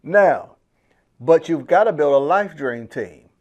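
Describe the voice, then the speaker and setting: Animated slangy man hosting a podcast. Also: a little high, takes it slowly, dull audio. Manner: animated, slangy, laughs often, acts out whispered asides. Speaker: podcast host. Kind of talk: casual motivational podcast talk.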